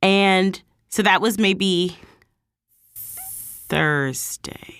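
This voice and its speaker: This vlog host speaks very slowly in a clean tone as she casually relates a personal story. She's animated, quoting people in raised voices, and the studio-quality audio carries no room sound.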